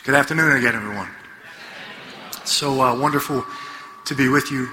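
A man preaching as a Catholic priest to a live audience, an animated, joking storyteller speaking into a headset mic. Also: a little high, quick pace, husky. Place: hall before an audience.

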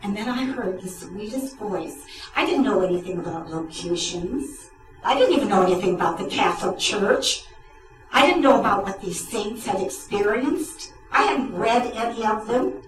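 An older woman giving a personal faith testimony, telling it with lively storytelling and quoting her own thoughts. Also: medium pitch, normal speed. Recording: echoey, from far off, music behind.

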